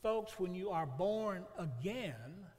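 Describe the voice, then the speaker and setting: A preacher speaks in a bright, high voice, spinning homespun stories from the pulpit. His sermon rings through a church sanctuary with a long reverb trailing each phrase. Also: expressive, slow. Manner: folksy storytelling preacher. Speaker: pastor.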